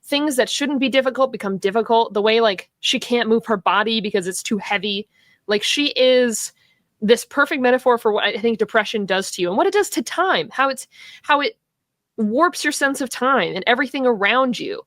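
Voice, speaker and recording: A woman's voice: on the high side, animated, moderate pace, a bit bright, no echo. A woman co-hosting a casual film debate, teasing and laughing a lot as she passionately argues her side. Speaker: co-host.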